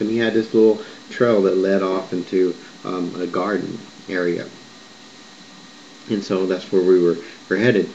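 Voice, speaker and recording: A man with a low-pitched, darkish voice recounts a vision in a rambling, digressive monologue, often restarting and correcting himself. The recording is muffled and lo-fi, with a little hiss or hum and faint background ambience.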